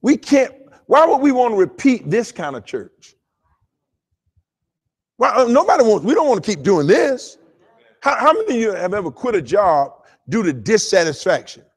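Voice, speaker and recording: A pastor preaches to his congregation in a high voice with big pitch swings at a normal speed, calling on them to respond in call-and-response style. As he builds emphasis, he repeats words in stammering bursts.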